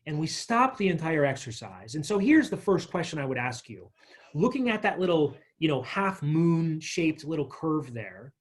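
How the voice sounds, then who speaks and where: Man, workshop presenter, husky, higher-pitched, chatty, energetic. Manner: energetic, chatty, tells stories with acted quotes. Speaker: financial literacy workshop presenter. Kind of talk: workshop talk walking through a workbook.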